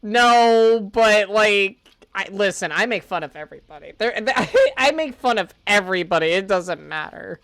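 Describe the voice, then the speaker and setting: A woman commenting casually while playing a game on a live stream, chatty and quick to giggle. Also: mid-range voice. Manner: chatty, giggly, animated reactions.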